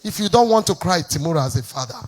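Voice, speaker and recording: A woman's voice: on the low side, expressive, fast. Fervent Nigerian woman pastor preaching. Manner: fervent preaching, slips into sing-song and shouted emphasis. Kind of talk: sermon.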